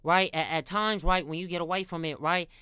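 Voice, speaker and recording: A man's voice: fairly high pitch, steady tone, a little fast, bright, forceful tone, clear, resonant tone, dry recording, studio quality. A man giving a rambling casual faith talk, often repeating words and calling his viewers guys. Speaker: Christian content creator.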